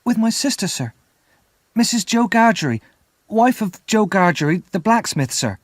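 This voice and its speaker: A man's voice: very animated, takes it slowly, slightly rough, no echo, studio quality, exaggerated voice. A man doing a scared, pleading little boy. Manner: high-pitched, pleading. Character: frightened small boy, pleading and timid. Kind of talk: audiobook character voice.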